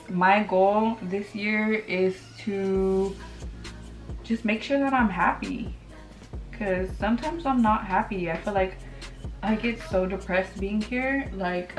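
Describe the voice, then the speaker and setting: A woman's voice: medium pitch, reverberant, low-quality recording. A woman in her thirties chatting candidly while doing her makeup, full of "like" fillers and casual swearing. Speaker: beauty vlogger. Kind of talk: casual get-ready-with-me chat.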